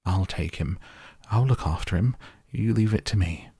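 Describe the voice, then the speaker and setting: A man voicing an excitable, spry old grandfather who talks in eager, bossy bursts. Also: low voice, moderate pace, creaky, husky, no echo, clean studio sound, heavily acted.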